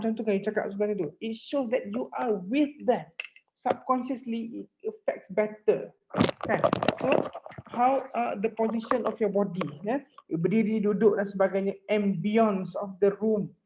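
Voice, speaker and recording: A woman's voice: mid-range voice, mellow, dull audio, slight background noise. A woman with a Malaysian accent giving a paediatrics lecture, code-switching and often adding tag questions. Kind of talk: online medical lecture.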